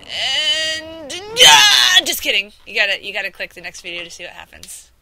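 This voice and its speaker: A woman's voice: medium pitch, sing-song, quick pace, sharp tone. A woman giving playful let's play commentary, talking to the game's monsters and to her viewers. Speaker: gaming channel host. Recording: background noise under the voice.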